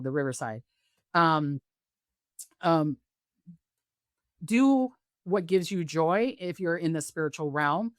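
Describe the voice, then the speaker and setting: Woman, psychic medium guest, low voice, animated storytelling, dry sound, video call. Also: no echo. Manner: acts out quoted voices with big pitch jumps.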